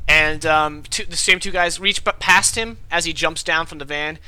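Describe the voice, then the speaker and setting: A man's voice: on the high side, moderate pace, hardly any pauses, pushed and bright, smooth. A man running a tabletop game as game master, narrating casually with fillers and restarts.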